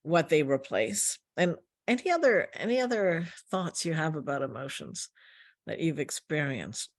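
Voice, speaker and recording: Low-voiced woman host summing up. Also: sing-song, normal speed, no room sound, studio quality. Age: older. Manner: reflective, sums up guest's points. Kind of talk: interview conversation.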